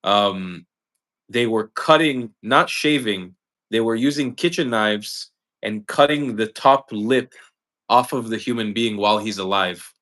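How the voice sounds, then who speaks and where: A man's voice: fairly low pitch, a little slow, fairly bright tone. A man hosting a live stream, speaking earnestly and with passion, often repeating words and restarting lines. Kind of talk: impassioned live-stream commentary.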